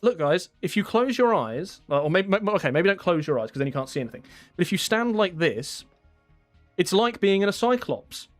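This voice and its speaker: A young man from England talks casually through a live game stream. His voice sits a little high for a man. He rambles in a friendly way, laughs often and reads his chat aloud. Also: very animated, fairly quick, soft background music. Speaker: gaming streamer.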